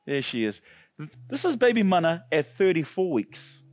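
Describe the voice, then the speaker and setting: A male pastor preaching a sermon with passion, often climbing to loud, high peaks. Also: big pitch swings, normal speed, no echo. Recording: dry close sound with faint music.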